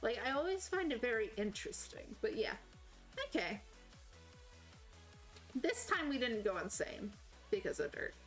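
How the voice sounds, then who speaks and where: Rambly streamer woman, faint Southern lilt, a bit high, soft music under her. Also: very animated, moderate pace, pauses often, poor audio. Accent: slight Southern US. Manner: rambling, self-correcting, chatty. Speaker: game streamer. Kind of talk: casual chat while playing.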